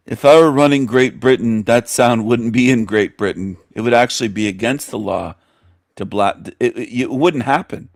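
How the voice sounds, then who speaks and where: A talk show host rants bluntly and scornfully over clips, full of profanity and repetition. His mid-range voice moves at a moderate pace, captured dry with studio quality.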